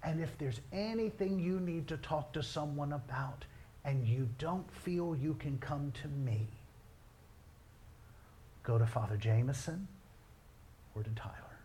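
Middle-aged guy preaching, tells stories, bit of a higher voice, faint hiss behind. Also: measured pace, long pauses. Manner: storytelling, animated, quoting others in his own voice. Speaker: pastor. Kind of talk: sermon.

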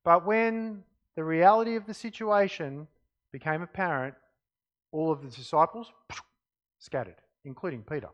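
A man preaching a sermon, reading scripture aloud and explaining it with expressive emphasis that drops to quiet asides. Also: fairly high pitch, moderate pace, highs cut off.

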